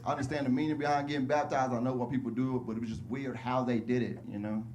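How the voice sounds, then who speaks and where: A male stand-up comedian telling stories casually on a club stage, slipping into high-pitched voices when he quotes people. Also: little pitch movement, very fast, crowd noise. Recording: live club recording with audience laughter.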